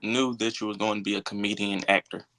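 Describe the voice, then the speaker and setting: A man co-hosting a podcast, talking in a halting way with loose grammar. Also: on the low side, little pitch movement, sharp tone, rough recording. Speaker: podcast co-host. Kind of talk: casual interview chat.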